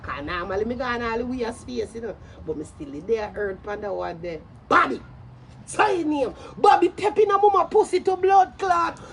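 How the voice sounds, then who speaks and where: A young Jamaican woman ranting loudly in commentary, profane and brash, bursting into shouts and cackling laughter. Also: a little high, very animated, moderate pace, background noise. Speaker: social media commentator.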